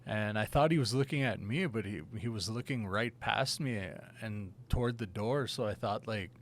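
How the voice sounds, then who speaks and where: A man co-hosting a casual podcast, telling his own eerie experiences in a relaxed, rambling way with casual swearing. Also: on the low side, normal speed, a little hiss or hum. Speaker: podcast co-host. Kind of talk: casual storytelling chat.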